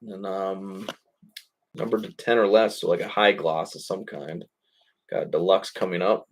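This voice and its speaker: A man's voice: low-pitched, fairly even intonation, moderate pace, slight background noise. A man hosting a live trading-card break, calling out each pull in a casual, rambling way, with the odd curse and chuckle. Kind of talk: live card-opening commentary.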